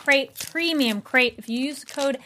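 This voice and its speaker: A woman's voice: sits high, a little slow, bright, forceful tone, a little hiss or hum. A woman hosting a casual after-show chat and reading a sponsor segment, with lots of fillers. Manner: chatty, with many fillers and hesitations. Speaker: host.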